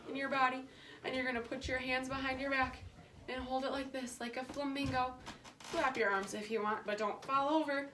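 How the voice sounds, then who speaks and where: In this clip the young woman's voice sits a little high, bright and forceful, over a faint hiss or hum. She is a kids' yoga teacher walking children through a lesson in a simple, playful, encouraging way.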